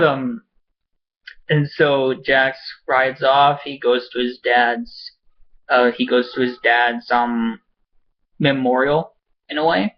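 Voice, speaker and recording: A man casually recapping a TV episode at home, excitable and swearing, rambling with lots of fillers. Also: medium pitch, takes it slowly, long pauses, dull audio. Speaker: show reviewer. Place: home with a pet cat.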